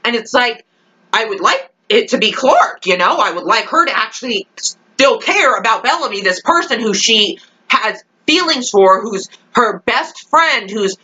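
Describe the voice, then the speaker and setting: A young woman rants straight to camera, exasperated and swearing as she rambles through her thoughts. Her voice is bright and forceful and sits a little high, and her talk is full of restless fillers. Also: animated, unhurried, rough recording. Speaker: vlogger reacting to a TV episode. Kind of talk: ranting casual monologue.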